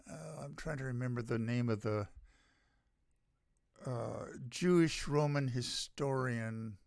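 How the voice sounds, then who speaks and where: An older American man hosts his own show, ranting in a halting, sardonic way, with many pauses as he searches for words. His voice is gravelly and he speaks at an unhurried pace. The recording is dry and close, with little room sound. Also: medium pitch, dry recording. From United States. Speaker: podcast host. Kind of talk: solo opinion rant.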